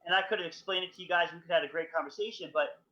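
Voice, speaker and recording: A man's voice: a little high, racing, sharp tone, a little hiss or hum. A man co-hosting a podcast, talking in a rambling, enthusiastic casual chat full of fillers. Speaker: podcast co-host. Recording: dull lo-fi stream audio.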